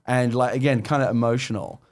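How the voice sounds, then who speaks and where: A man's voice: medium pitch, brisk. Man, forties, eager storyteller, stumbles and restarts, casual chat. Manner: excited storytelling with many restarts. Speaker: guest screenwriter.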